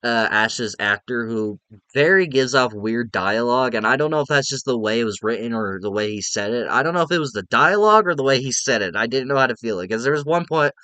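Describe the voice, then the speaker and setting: A male film reviewer chatting casually to his viewers, circling back to the same points and chuckling at what he criticizes. His voice is bright and crisp, and the recording is dry, with no room sound. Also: medium pitch, lively intonation, fairly quick, dry recording. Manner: rambling, repeats himself, laughs at what he reviews.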